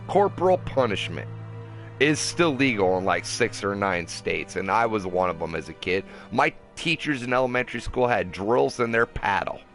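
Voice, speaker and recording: A young man with a low, deep voice delivers a heated, profane rant, preachy and pissed off. He talks from his car, with faint music playing behind him. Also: fairly bright tone. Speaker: vlogger. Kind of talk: angry ranting monologue. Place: in a car at a drive-through.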